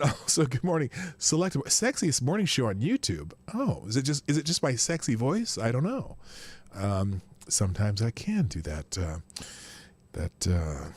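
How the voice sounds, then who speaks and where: A man's voice: on the high side, a bit bright, no echo. Chatty man hosting a live stream. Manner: rambling, greets viewers by name, chuckles often. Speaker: live-stream morning show host. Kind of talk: casual live-stream chat.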